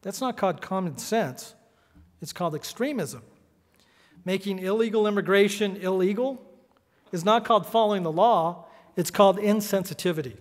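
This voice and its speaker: A man's voice: high voice, moderate pace. Middle-aged male speaker, punchy and sardonic, podium mic, long hall reverb. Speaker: editorial cartoonist giving a talk. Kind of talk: prepared speech. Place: large hall.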